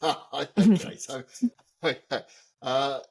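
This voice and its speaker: A man's voice: medium pitch, drawn-out words, creaky. A man teacher co-hosting a podcast, chatting casually and chuckling at his own jokes. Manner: chuckling, joking. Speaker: co-host, teacher.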